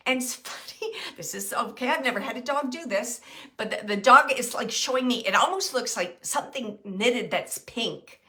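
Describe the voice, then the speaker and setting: Her voice sits on the high side, pushed and bright, with lively intonation at a normal speed. She's a psychic medium doing a live reading for viewers, thinking aloud hesitantly and leaning on plenty of fillers while describing impressions as they come.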